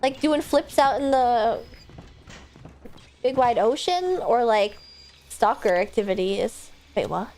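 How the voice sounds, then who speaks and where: A woman chatting casually while she streams a game, excitable, laughing and swearing freely. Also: a little high, slow, pauses often. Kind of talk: casual live-stream gameplay chat.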